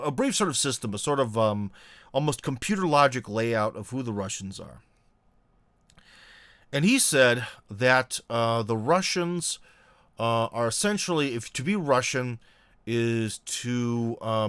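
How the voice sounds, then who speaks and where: Rambling man with a clear voice. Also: mid-range voice, fairly bright tone, dry recording. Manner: rambling, many fillers and restarts. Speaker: host. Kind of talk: casual commentary monologue.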